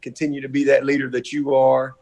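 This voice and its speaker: A man's voice: mid-range voice, monotone, brisk, dull audio. A middle-aged man, a college football coach speaking over a video call, heartfelt, effusive and repetitive. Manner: warm, effusive, repetitive, folksy.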